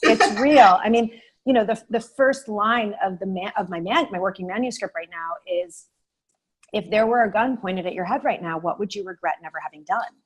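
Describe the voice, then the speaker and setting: A woman talking as a guest in an interview, telling a personal story in a lively way with many fillers and restarts. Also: mid-range voice, normal speed, slightly rough, low-quality recording.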